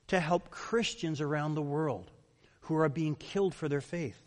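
A male pastor preaching a sermon, emphatic and full of rhetorical questions. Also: a little high. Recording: long reverb of a large hall.

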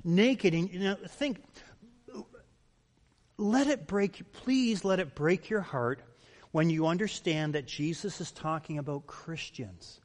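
A man's voice: fairly high pitch, animated, slow. A male pastor preaching a sermon, emphatic and full of rhetorical questions. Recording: long reverb of a large hall.

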